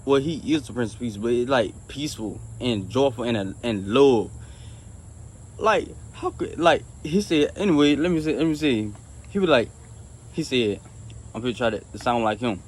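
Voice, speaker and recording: A man casually telling a personal faith testimony, rambling and repeating himself with many restarts, earnest and soft-spoken in places. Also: mid-range voice, expressive, normal speed, a little hiss or hum. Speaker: storyteller sharing a faith testimony.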